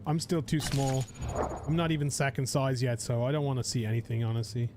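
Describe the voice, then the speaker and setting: A man's voice: mid-range voice, little pitch movement, fairly quick, background noise. A man live-streaming a survival game, chatting to viewers in a rambling, casual way and swearing freely.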